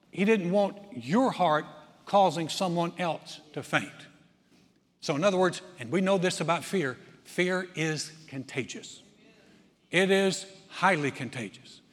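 A man preaching a sermon, telling a story with acted-out voices and swinging from loud to hushed. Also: high voice. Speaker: pastor. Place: large church sanctuary. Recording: long hall reverb.

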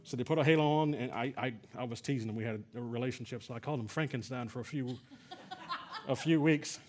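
A man's voice: mid-range voice, a little fast, a little mellow. A middle-aged man from Texas preaching a sermon, telling a personal story in a conversational way with many fillers and restarts. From San Antonio, Texas. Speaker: pastor.

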